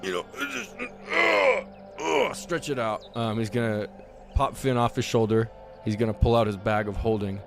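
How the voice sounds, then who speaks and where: A man's voice: mid-range voice, very animated, moderate pace, vocal fry, faint music behind. Laughing man playing a tabletop game. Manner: playful, laughing often. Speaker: player.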